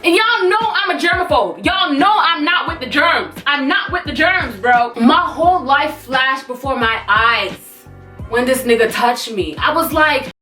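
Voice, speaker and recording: A young woman in her twenties tells a storytime on her vlog, sassy and blunt, full of slang. Her voice is high and bright. She sounds a little far from the mic in an echoey room with faint music underneath. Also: expressive, unhurried. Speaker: vlogger.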